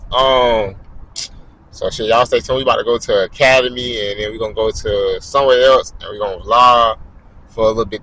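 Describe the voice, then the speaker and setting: A man's voice: medium pitch, a little hiss or hum, poor audio. A young man casually telling stories and chatting in a vlog, profane and full of slang. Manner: profane, animated slang-heavy talk. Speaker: vlogger.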